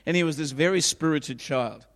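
A man's voice: fairly high pitch, normal speed, big-room sound. A pastor in his fifties preaching a sermon in a church, emphatic and repetitive.

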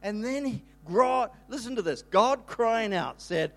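Animated older man preaching a story sermon. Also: very high voice, measured pace. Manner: animated, rambling with restarts, bursts into shouts. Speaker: pastor.

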